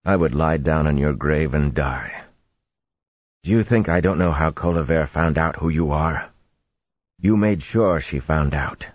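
A man playing a gruff, blunt young husband who talks in an earnest growl, on a dull lo-fi audiobook recording. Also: a bass voice, measured pace, no echo. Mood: urgent.

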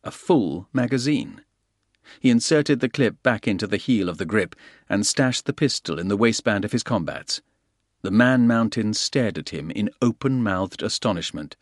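A man reads an action thriller aloud in a steady, brisk manner. His voice sits low, and the recording is dry and close with no room sound. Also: no room sound. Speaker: audiobook narrator. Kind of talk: scripted narration.

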